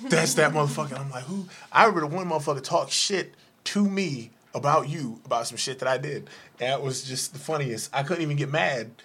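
A man's voice: medium pitch, brisk, pushed and bright, slightly rough. A man co-hosting a casual chat show, telling profane stories and acting out other people's voices. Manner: profane, laughing, acts out voices in anecdotes. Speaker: co-host.

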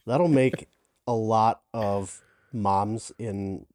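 A man with a Minnesotan accent, co-hosting a podcast and chatting in a friendly, relaxed way with easy laughter. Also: fairly low pitch, drawn-out words, no room sound. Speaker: podcast co-host. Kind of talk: casual podcast chat.

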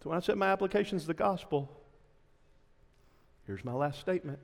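A man preaching a sermon as a pastor, impassioned, dropping to a hush at times. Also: a little high, animated, brisk, creaky, long reverb tail.

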